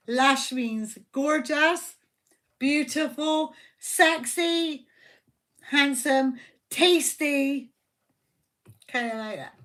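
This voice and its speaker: A woman reads tarot live, talking in an unhurried, drawn-out way. Her voice sits high and bright, and her delivery is blunt, profane and joking. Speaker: tarot reader. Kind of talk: casual live tarot reading. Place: home livestream.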